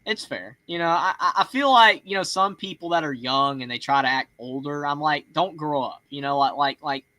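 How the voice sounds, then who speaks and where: A Southern man with a bright, sharp voice chats loosely as a call-in show host, rambling through fillers and restarts. His voice sits a bit high for a man and sounds close and dry. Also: brisk, no echo. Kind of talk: casual chat.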